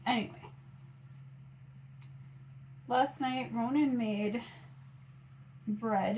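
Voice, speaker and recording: A woman's voice: on the high side, a little slow, pauses often, a little hiss or hum, low-quality recording. A woman in her forties chatting casually on her phone camera while doing her makeup, rambling with lots of fillers. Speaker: mom vlogger.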